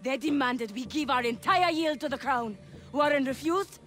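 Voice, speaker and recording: An actress playing a grieving colonial farm wife in a video game, speaking earnestly. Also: female voice, high-pitched, normal speed, fairly bright tone, faint music behind. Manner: earnest and mournful.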